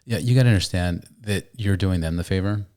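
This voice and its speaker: A man's voice: deep voice, brisk, dark tone. A man hosting a podcast, chatting in an easygoing way, often repeating words and leaning on fillers. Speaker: podcast host. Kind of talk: casual podcast conversation.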